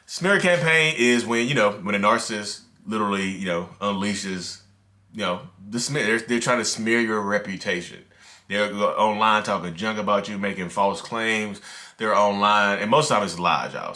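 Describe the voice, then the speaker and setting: A man talks straight to camera in a casual, ranting way, full of filler words. His voice sits low but sounds bright and forceful. He swings up in pitch whenever he gets worked up. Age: 30s. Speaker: mental health video host. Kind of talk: casual direct-to-camera talk.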